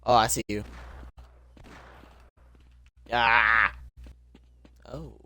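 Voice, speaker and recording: A man's voice: medium pitch, steady tone, slow, pushed and bright, no room sound. A young man casually commenting on his own gameplay, joking and exclaiming as he goes. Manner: jokey, exclaiming, talking to himself. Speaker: streamer.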